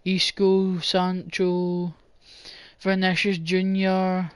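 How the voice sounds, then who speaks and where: A man's voice: high-pitched, monotone, very slow, smooth, no room sound. A man giving casual, sweary gameplay commentary and chatting with viewers as he plays. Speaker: gaming channel host.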